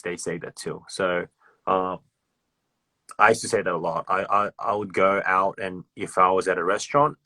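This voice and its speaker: A man's voice: deep voice, pushed and bright, dry recording. A man casually chatting on a livestream, loose and sweary, acting out slang examples. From Australia. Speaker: livestream host. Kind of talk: casual chat.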